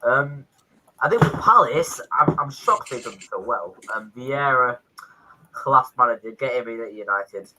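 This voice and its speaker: A man's voice: medium pitch, lively intonation, unhurried, noisy background. A man on a football panel, rambling casually with cheeky banter.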